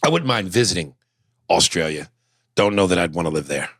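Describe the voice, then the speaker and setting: A man co-hosting a podcast in casual banter, animated and quick to jump into voices. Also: dry recording, clean studio sound. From United States. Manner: animated, jumps into high-pitched voices and impressions. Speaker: podcast co-host.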